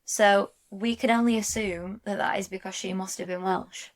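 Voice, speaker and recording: A woman's voice: medium pitch, fairly even intonation. Eager female podcast co-host. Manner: eager, quick to self-correct. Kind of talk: casual chat.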